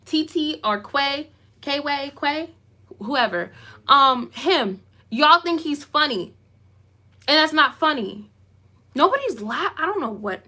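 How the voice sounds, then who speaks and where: Woman vlogger, lively commentary, bright forceful tone, slightly high, emphatic repeats. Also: slow pace. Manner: self-described goofy. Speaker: YouTuber. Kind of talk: live commentary reading comments.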